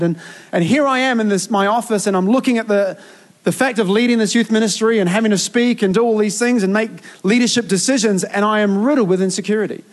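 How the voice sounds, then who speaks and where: Earnest youth pastor preaching. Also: male voice, sits high. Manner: earnest and emphatic, with filler restarts. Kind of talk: sermon.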